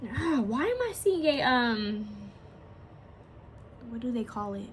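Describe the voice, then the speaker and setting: A woman giving a casual pick-a-picture card reading, chatty and rambling, often pausing to search aloud for a word. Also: fairly high pitch, big pitch swings, a little hiss or hum. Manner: swears and laughs casually while talking. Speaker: tarot card reader.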